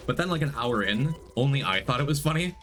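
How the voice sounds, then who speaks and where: A man streaming a game, chatting casually with viewers and jumping into excited high greetings. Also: quick pace, a little hiss or hum. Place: home room.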